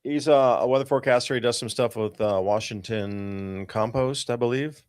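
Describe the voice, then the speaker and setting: A man hosting a talk show, talking through weather charts in an excited, emphatic and rambling way. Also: mid-range voice, normal speed, smooth, no echo, studio quality. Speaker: host.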